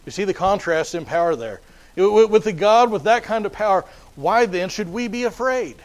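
A man's voice: high voice, lively intonation, moderate pace, rough recording. A man preaching a sermon in an emphatic, repetitive way, often restarting his phrases.

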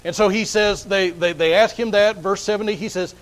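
High-voiced man preaching a sermon. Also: fairly even intonation, a little fast, poor audio. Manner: earnest, repeats words when restarting. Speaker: pastor.

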